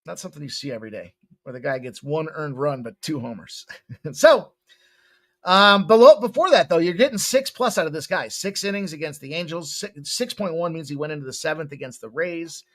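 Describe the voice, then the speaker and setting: A man's voice: a little high, lively intonation, fairly quick, a bit bright. A man hosting a sports betting show, rambling and joking through his picks and swearing casually.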